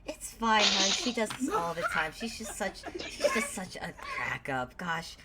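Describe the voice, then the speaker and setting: A soft-hearted middle-aged man coos and gushes over a child, as a woman game master puts him on. The voice sits lower and quieter than her narration, doting and warm-hearted. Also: very animated, unhurried, heavy background noise. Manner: doting, cooing.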